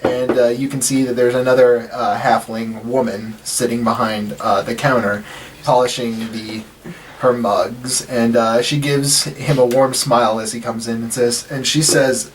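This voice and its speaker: A man's voice: mid-range voice, fairly even intonation, unhurried. A man running a tabletop game as dungeon master, narrating loosely with many fillers. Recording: distant mic with background hiss.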